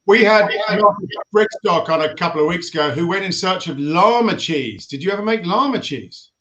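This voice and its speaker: A man with a high voice hosts a casual stream. He is chatty and playful, and he teases and jokes as he talks. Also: animated, normal speed, fairly bright tone, dull audio. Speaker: host. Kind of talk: casual live-stream chat.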